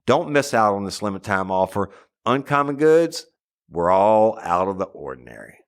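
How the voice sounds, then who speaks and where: A man reading a scripted sponsor ad, slowing down deliberately to spell out a web address. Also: on the low side, sing-song. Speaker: ad reader. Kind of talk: scripted ad read.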